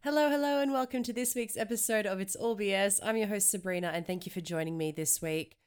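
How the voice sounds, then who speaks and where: A woman's voice: medium pitch, fast, clean tone, soft background music. A woman hosting a podcast, chatting candidly and reading news with a stuffy voice from a cold. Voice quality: stuffy sick voice. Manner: candid, chatty, swears casually. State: has a cold. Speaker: podcast host.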